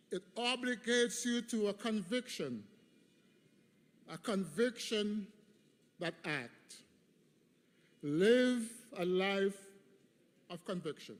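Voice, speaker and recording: A man in his fifties gives a preached commencement address, emphatic and rhythmically repetitive, in a large graduation hall with long reverb. His voice sits high, and he takes it slowly, leaving long pauses.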